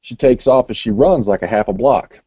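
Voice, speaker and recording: A podcast co-host with a mid-range, mellow, slightly rough voice talks a little fast in a muffled lo-fi recording with no echo. In casual chat, he rambles through a long, crude story, swearing constantly.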